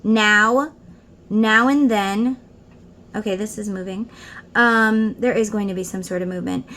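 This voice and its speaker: A woman's voice: medium pitch, fairly even intonation, a little slow, fairly bright tone, a little hiss or hum. A woman giving a casual tarot reading at home, chatting and reading song lyrics aloud between her explanations. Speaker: tarot reader.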